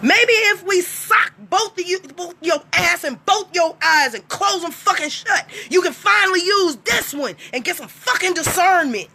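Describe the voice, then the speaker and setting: Woman going off on a live stream, high voice, cussing hard, gets loud, faint noise behind. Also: animated, normal speed, hardly any pauses. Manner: blunt, profane, emphatic, swings to shouting. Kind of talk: profane ranting monologue.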